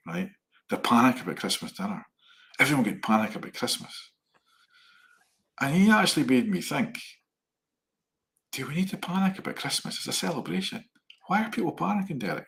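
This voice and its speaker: Guy co-hosting a chat show, rambly storytelling, gets lively. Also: a little high, normal speed, long pauses. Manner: animated, rambling anecdotes with laughs. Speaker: co-host.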